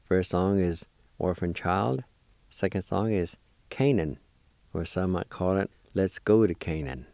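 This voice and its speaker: A man speaks very slowly in a lowish, mellow voice, patiently sounding out syllables for a recorded pronunciation lesson. The voice is close and dry, with an encouraging teacher's manner. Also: vocal fry, dry recording. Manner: patient, spells out syllables one by one. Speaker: language teacher.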